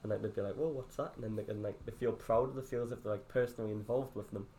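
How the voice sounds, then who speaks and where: A man's voice: fairly low pitch, fairly even intonation, very fast, mellow, a little hiss or hum. A man hosting a casual interview, who chimes in to finish and build on his guest's points. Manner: finishes the guest's thoughts, adds his own take. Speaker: podcast host.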